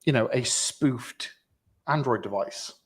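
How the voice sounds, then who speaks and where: A man's voice: medium pitch, slow. A man hosting a casual tech chat in a meeting room, explaining things in a wry, matter-of-fact way. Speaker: host.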